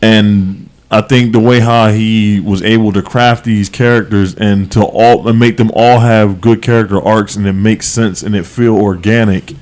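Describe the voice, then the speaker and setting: A man co-hosting a podcast, talking casually in a rambling, animated way with many restarts and fillers. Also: lowish voice, moderate pace, few pauses. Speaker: podcast co-host. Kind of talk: casual chat.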